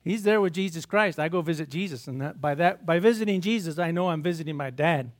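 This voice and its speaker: A man's voice: on the high side, quick pace. A man preaching a sermon as a pastor, asking his congregation rhetorical questions and acting out biblical scenes in raised voices.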